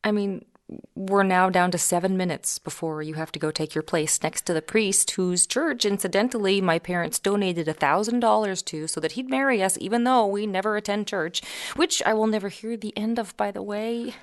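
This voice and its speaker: Woman playing a bride, late 30s, wry, teasing, mid pitch. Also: normal speed, natural voice.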